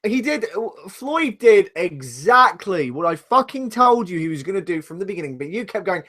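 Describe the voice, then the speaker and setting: Brief: British male co-host, lively and expressive, sweary, blunt and argumentative banter. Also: sits high, normal speed, hardly any pauses. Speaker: podcast co-host. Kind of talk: casual live podcast banter.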